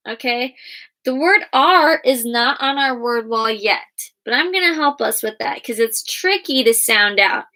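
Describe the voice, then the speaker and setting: A woman teaching young children a guided reading and writing lesson in a slow, sing-song teacher voice, spelling words out letter by letter. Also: high voice, pushed and bright. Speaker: kindergarten teacher.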